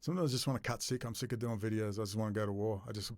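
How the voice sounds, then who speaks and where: A man's voice: fairly low pitch, fairly even intonation, rapid-fire, no room sound. Angry profane man ranting. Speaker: video blogger. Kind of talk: unscripted rant to camera.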